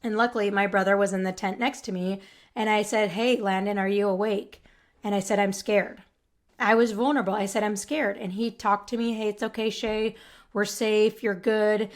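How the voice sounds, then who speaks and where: A woman's voice: mid-range voice, fairly even intonation, brisk. A young adult woman hosting her own podcast, talking casually and earnestly, reassuring listeners and often checking in with "right?". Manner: earnest and reassuring, with frequent "right?" tag questions. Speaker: podcast host. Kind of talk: casual solo podcast advice.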